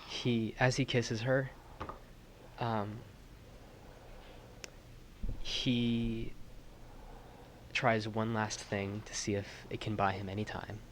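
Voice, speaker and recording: A man playing a tabletop role-playing game, describing his character in slow, hushed, emotional storytelling. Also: fairly low pitch, flat delivery, a little hiss or hum. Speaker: player.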